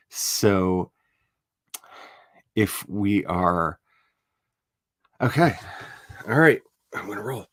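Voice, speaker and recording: A man's voice: deep voice, gravelly, no echo, clean studio sound. A man talking casually on a livestream as he builds his fictional world, chatty and playful, addressing his viewers and grumbling at his browser.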